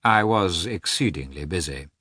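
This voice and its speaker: A man's voice: low-pitched, expressive, normal speed, sharp tone, dry recording, pitched below the performer's own voice, heavily acted. A man reading aloud, voicing a cold, stiff official who answers dryly and curtly. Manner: dry, curt, muttering.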